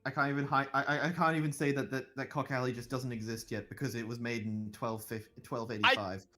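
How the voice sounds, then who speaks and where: A man's voice: medium pitch, fairly quick. A man running a tabletop role-playing game as game master, swearing and arguing with his players with good humor. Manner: exasperated, swearing, lively. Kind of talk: casual tabletop banter.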